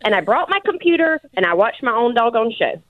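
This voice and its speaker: A woman calling in to a radio show over a dull, muffled phone line. Her voice is high and swoops about as she teases her husband in playful banter. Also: sing-song, a little fast, crowd noise. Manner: teasing, playful. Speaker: caller, host's wife.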